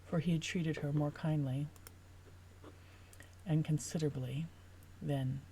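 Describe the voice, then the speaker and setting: A woman's voice: low voice, steady tone, unhurried, dark tone, a little hiss or hum. A woman author reading her own novel draft aloud, stopping now and then to rework a sentence.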